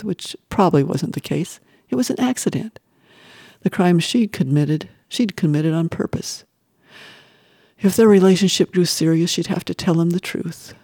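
A woman reading a novel aloud in measured, expressive audiobook narration, sometimes dropping to a whisper. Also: fairly low pitch, no room sound, studio quality. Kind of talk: scripted narration.

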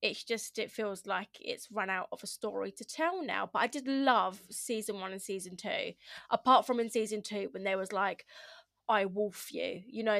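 A woman's voice: medium pitch, creaky, a bit bright, dry recording, clean studio sound. Chatty woman in her thirties. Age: 30s. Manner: chatty, rambling, swears and laughs often. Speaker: vlogger. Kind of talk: casual chat to camera.

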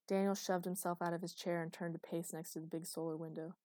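A woman narrating a first-person story as an audiobook, in an even storytelling manner, dry close recording. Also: on the low side, a little fast, few pauses, no room sound.

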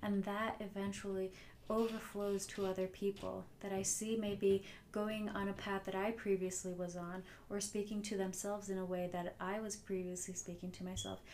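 A woman's voice: medium pitch, little pitch movement, normal speed, darkish tone, a little hiss or hum. Earnest woman hosting a motivational podcast. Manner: earnest, reflective, repeats phrases for emphasis. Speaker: podcast host. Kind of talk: solo motivational podcast talk.

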